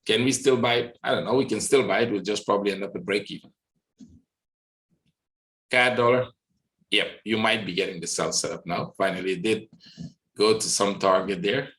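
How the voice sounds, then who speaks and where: A man hosting a trading webinar, walking through charts live and thinking aloud, often checking in with a quick "right?". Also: fairly low pitch, steady tone, a bit bright, echoey room, low-quality recording. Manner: thinks aloud, many "right?" tag questions. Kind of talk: live market analysis walkthrough.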